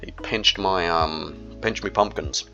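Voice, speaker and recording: A man's voice: low-pitched, slow pace, sharp tone, faint music behind, full character voice. A man voicing a bossy, evil old hag witch who gives orders in casual slang. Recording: dull lo-fi recording.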